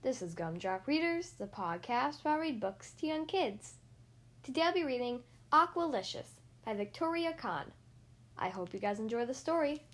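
A woman hosting a podcast where she reads storybooks aloud to young kids, gentle and expressive. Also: on the high side, normal speed. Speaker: podcast host reading to kids. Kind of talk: children's story read-aloud.

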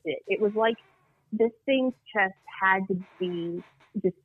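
Woman guest, call-in storyteller, lively and rambling, thin dry phone audio. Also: mid-range voice, takes it slowly, breathy edge, no room sound. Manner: animated, rambling storyteller who acts out dialogue. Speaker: guest telling a Bigfoot encounter. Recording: tinny dry phone line.

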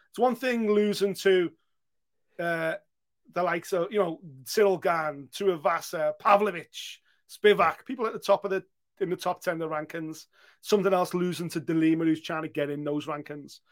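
British male podcast co-host, higher voice, lively and sweary banter. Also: normal speed. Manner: animated, swears freely, acts out quotes. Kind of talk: casual podcast chat.

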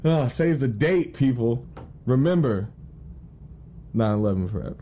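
A man's voice: mid-range voice, lively intonation, unhurried, dark tone, slight background noise. A man co-hosting a podcast, chatting casually, joking and laughing often while drinking champagne. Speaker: podcast co-host. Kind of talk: casual chat.

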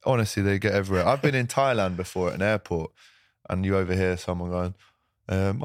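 A man hosting a casual football chat show, chatty and reading viewer comments aloud with shout-outs. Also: deep voice, steady tone, a little fast, dry recording, clean studio sound. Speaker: host.

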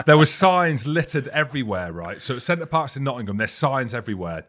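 A man's voice: medium pitch, big pitch swings, a little fast, few pauses, a bit bright. A man co-hosting a casual sports podcast who tells funny stories and teases his co-host. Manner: joking, storytelling, teasing. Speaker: podcast co-host, former rugby player.

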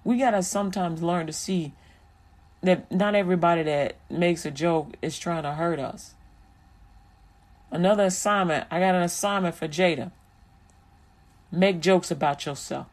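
This is a vlogger in sermon mode, repeating encouragement line after line the way a preacher builds a point. The voice sits at a middle pitch, neither high nor low. The key phrases are drawn out slowly and warmly. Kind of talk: preachy inspirational commentary.

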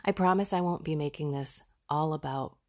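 A woman's voice: sits low, normal speed. A woman hosting a podcast, sharing a raw personal reflection in an earnest, heartfelt way. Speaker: podcast host.

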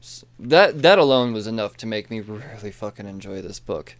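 A man giving a casual, rambling comic book review, excitable and full of swearing and asides. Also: fairly low pitch, normal speed.

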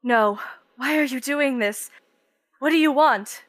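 A woman voicing a terrified victim in a tabletop game, begging in a high, frantic voice. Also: a little slow. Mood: pleading.

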